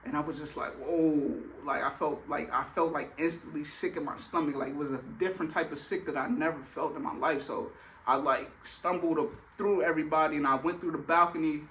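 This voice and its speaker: Brief: young man telling a story, casual slang, bright and highish voice. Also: brisk, slight background noise. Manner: slangy, animated, lots of filler phrases.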